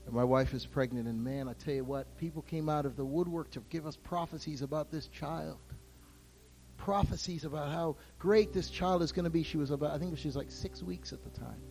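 A pastor delivers an impassioned sermon in a high, lifted voice. He drops to near-whispers before surging back to full force, and soft music plays faintly beneath his words. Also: steady tone, normal speed, vocal fry. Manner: impassioned preaching, swinging from hushed to loud.

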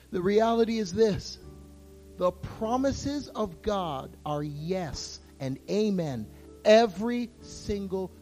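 A pastor delivers an impassioned sermon in a high, lifted voice. He drops to near-whispers before surging back to full force, and soft music plays faintly beneath his words. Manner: impassioned preaching, swinging from hushed to loud.

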